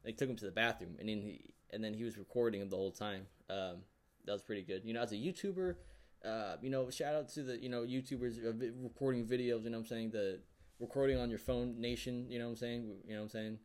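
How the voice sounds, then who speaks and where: A man vlogging a casual, rambling recap of a show, full of fillers and excited reactions. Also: mid-range voice, quick pace. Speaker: YouTuber.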